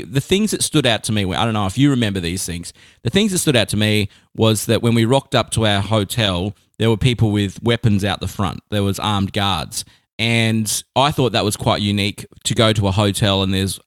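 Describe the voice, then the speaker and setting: Animated man telling stories. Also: lowish voice, dry recording, studio quality. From Australia. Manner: animated storyteller, acts out quotes, laughs often. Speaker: radio presenter. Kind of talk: conversational podcast reminiscing.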